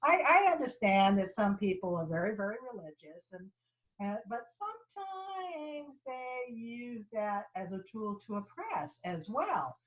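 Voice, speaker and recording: A woman lecturer telling a personal story, with halting restarts and repeated phrases, acting out the people she quotes. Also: fairly high pitch, highs cut off. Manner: animated, voices the people in her story.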